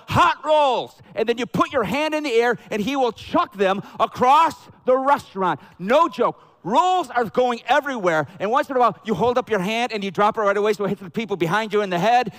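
A man with a Southern American accent preaching a sermon to his church, telling jokey stories with bursts of excitement. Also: very high-pitched. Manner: jokey, animated storytelling with bursts of loud excitement. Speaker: pastor. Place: church sanctuary with a congregation.

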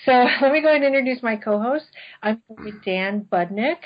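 A woman's voice: fairly high pitch, animated, brisk. Chatty nasal woman hosting a podcast. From US West Coast. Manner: chatty, freewheeling, self-deprecating. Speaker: podcast host. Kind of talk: casual podcast chat. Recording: dull lo-fi podcast audio.

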